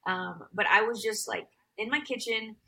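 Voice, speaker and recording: A woman's voice: mid-range voice, normal speed, creaky, sharp tone, husky, poor audio. A young adult woman singer telling her story as an interview guest, rambling with many fillers.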